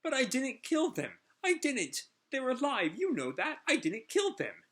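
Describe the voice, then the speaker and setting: A man's voice: very high-pitched, wildly swooping pitch, measured pace, fairly bright tone, pitched above the performer's own voice, exaggerated voice. A man voicing a desperate male villain scientist who whines and begs for mercy. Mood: pleading. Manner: whiny, begging.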